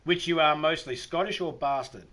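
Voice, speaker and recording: A man's voice: a little high, normal speed, fairly bright tone. An Australian man streaming a game, chatting casually and joking with viewers while reading chat aloud.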